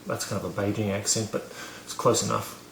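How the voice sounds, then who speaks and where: A man's voice: lowish voice, fairly even intonation, a little fast, gravelly, reverberant, a little hiss or hum. A man casually telling a story to camera, rambling with many fillers and restarts, poking fun at himself. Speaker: vlogger teaching about learning.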